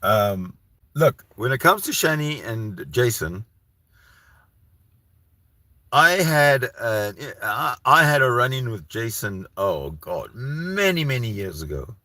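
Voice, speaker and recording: A Canadian man running a solo livestream speaks slowly in a mid-range, sharp voice, very animated, with no room sound. He rambles in a heated, profane way, frequently restarting his sentences.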